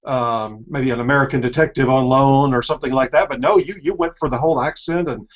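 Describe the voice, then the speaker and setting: A man's voice: medium pitch, quick pace. A man hosting an interview, asking questions conversationally and reading out viewer questions. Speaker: interview host, entertainment editor. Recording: muffled lo-fi audio.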